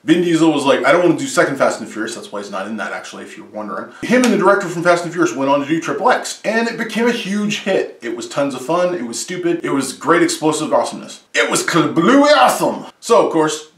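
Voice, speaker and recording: A man's voice: on the high side, big pitch swings, quick pace, hardly any pauses, roomy sound, recorded from a distance. A man hosting a comedic top-list movie review, sarcastic and full of jokey asides.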